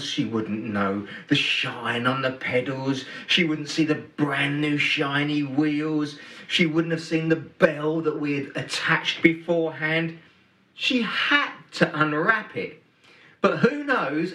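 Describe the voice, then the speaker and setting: A middle-aged man giving a Christmas sermon as pastor, telling a story and swinging between loud emphasis and hushed words. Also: fairly high pitch. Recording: roomy hall, from a distance.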